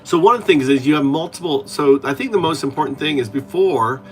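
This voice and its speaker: A man chatting casually with AI assistants, rambling and halting with many restarts. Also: a little high, animated, faint music behind. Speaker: host.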